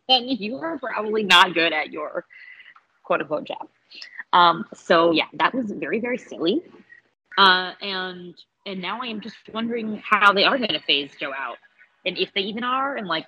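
A woman chatting casually about a TV episode, sarcastic and animated, laughing often and acting out quotes. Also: medium pitch, husky, dry recording, dull audio. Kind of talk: casual TV episode review chat.

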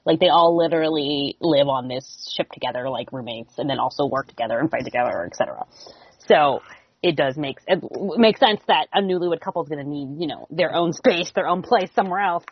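A woman co-hosting a podcast, casually listing what she liked in an episode with many pauses and "um"s. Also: sits low, lively intonation, slightly rough. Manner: easygoing, many "um"s. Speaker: podcast co-host. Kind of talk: casual TV recap chat. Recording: dry, muffled lo-fi audio.

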